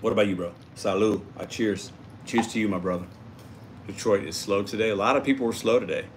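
Man, livestream host, casual chat, low voice, upbeat, faint background noise. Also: fairly quick. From Puerto Rico. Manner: upbeat, chatty, reacts to viewer comments.

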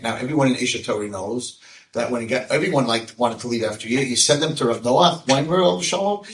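A rabbi telling a story to a live audience, moving between hushed passages and loud, emphatic bursts. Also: male voice, medium pitch, fast. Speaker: rabbi and speaker. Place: room with an audience. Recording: echoey room, voice from a distance.

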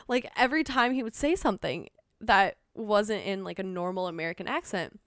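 A young woman chatting as a podcast guest, telling stories in rambling, animated bursts that jump between tangents. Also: mid-range voice, moderate pace, no echo, studio quality. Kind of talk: casual chat.

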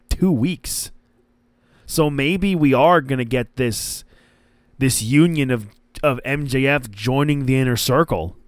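A man's voice: mid-range voice, no room sound. A young man hosting a casual wrestling podcast, rambling with restarts and acting out quoted lines. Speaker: podcast host.

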